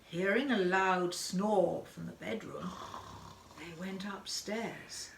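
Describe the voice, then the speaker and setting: A woman narrating a children's story in an expressive, sing-song manner. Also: on the low side, slow, creaky, slight background noise. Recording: echoey room.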